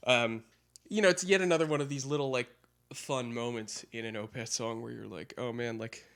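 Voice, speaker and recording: Casual male drummer, mid-pitched, meandering explainer who scats patterns. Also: brisk, creaky, fairly bright tone, smooth. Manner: rambling, hesitant with fillers, scats drum and guitar patterns aloud. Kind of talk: casual practice-session chat.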